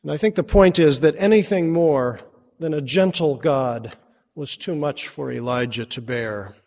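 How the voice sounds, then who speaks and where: A pastor preaching a sermon, moving between strong declarations and quiet, hushed passages. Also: male voice, fairly high pitch, unhurried, big-room sound. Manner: dramatic shifts between strong and hushed delivery.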